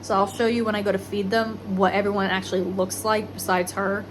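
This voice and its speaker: A woman filming a casual vlog while walking a horse barn at midnight, speaking quietly and often whispering so she won't disturb the mares. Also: mid-range voice, level tone, brisk, background noise. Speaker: horse breeder vlogger. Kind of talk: casual vlog, hushed late-night barn walk. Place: dark horse barn at night.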